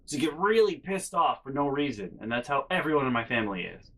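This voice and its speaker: A man telling comic stories on his video channel, rambling deadpan with many fillers. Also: medium pitch, quick pace, rough recording. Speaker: YouTuber. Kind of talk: comedic storytime vlog.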